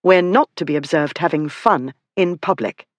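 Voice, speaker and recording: A blunt, clever young gentlewoman, as an audiobook narrator plays her, speaking in a low, frank voice. The recording is close and dry. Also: normal speed, no echo, lightly acted. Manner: blunt, lowered voice.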